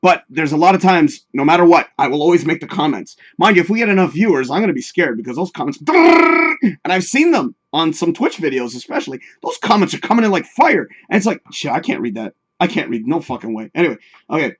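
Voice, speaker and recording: A man's voice: on the high side, sing-song, quick pace. A man hosting a livestream show, chatting casually, swearing freely and reading viewer comments aloud with jokey advice. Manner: profane, chatty, laughs often, reads viewer comments aloud.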